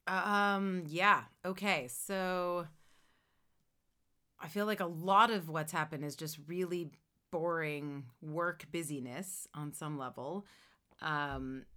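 A woman's voice: fairly low pitch, sharp tone, smooth. A woman from Ontario with a Canadian accent, co-hosting a casual podcast chat, hesitant with lots of ums and restarts. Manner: hesitant, many ums and restarts, laughs often. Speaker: podcast co-host.

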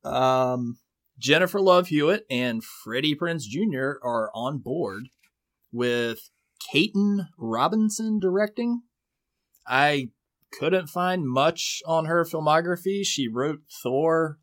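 A man's voice: on the high side, lively intonation, takes it slowly, fairly bright tone. A man co-hosting a casual podcast, talking in an easygoing, joking way with fillers. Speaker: podcast co-host. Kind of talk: casual chat.

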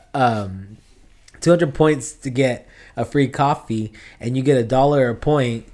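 A man's voice: on the high side, normal speed, a little mellow. Young male podcast co-host, casual and profane, loose storyteller. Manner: laid-back, swears a lot, rambling storyteller. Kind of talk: casual chat.

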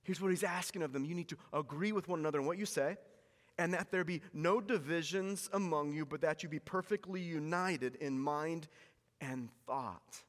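A man's voice: fairly high pitch, normal speed, a bit bright, long reverb tail. A man preaching a sermon as pastor, earnest and pleading, often repeating words for emphasis.

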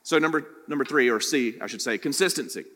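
A man's voice: medium pitch, expressive, fast talker, bright, forceful tone. A male pastor preaching a sermon in a conversational teaching manner, constantly checking in with "right?". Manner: conversational teaching, frequent "right?" tag questions. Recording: long hall reverb.

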